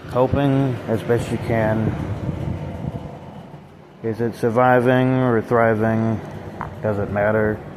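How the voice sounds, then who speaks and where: A man's voice: on the low side, steady tone, very slow, long pauses, background noise. A man vlogger in a rambling, profane, bitter philosophical monologue.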